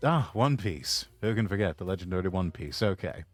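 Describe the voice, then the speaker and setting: A man on a live stream talks in quiet, mumbled asides while reading chat. His voice is mid-pitched but lively in its rise and fall, close and dry on the mic, with faint music behind him. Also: a little fast, hardly any pauses, no room sound.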